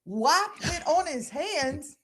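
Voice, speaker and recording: A middle-aged woman hosting a casual live podcast, telling lively stories and mimicking people. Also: sits high, slow, a crowd in the background. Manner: animated storyteller, laughing, mimicking others. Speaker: podcast host.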